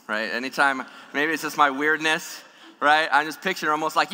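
Male pastor, sermon, bright ringing voice, fairly high, long hall echo. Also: fast, smooth. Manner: animated, humorous, acts out scripture voices.

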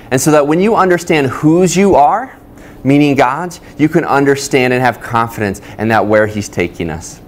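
A male pastor preaching to his congregation in a plain, conversational way. His voice sits at an ordinary middle pitch, and he speaks straight to the people in front of him and to those watching online. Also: darkish tone. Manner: conversational, addresses listeners directly. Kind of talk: sermon. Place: church service, streamed online.

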